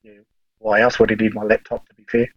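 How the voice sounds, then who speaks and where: A man's voice: lowish voice, completely flat delivery, fast talker, dry recording, muffled recording. A man, a podcast guest telling long, rambling stories in casual chat, swearing freely and full of fillers.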